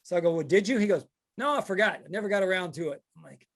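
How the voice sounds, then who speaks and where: A man's voice: high-pitched, racing. A man hosting a casual chat show, telling stories and acting out the people in them. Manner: animated storyteller acting out quotes. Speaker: podcast host.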